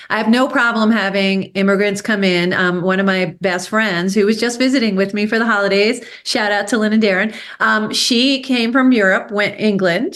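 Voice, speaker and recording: An American woman hosts a podcast conversation in a mid-range voice. She is earnest and chatty, filling pauses with ums as she shares her stories. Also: mid-range voice, a bit bright. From United States. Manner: earnest, chatty, filler-heavy. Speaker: podcast host and success coach. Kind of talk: casual podcast chat.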